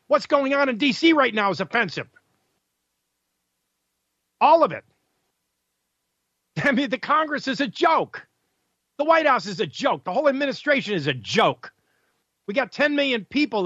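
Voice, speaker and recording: Radio host guy ranting, sarcastic, pitched high, dry close mic. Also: pushed and bright, dry recording, dull audio. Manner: combative, sarcastic, with rhetorical questions. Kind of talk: opinionated radio monologue.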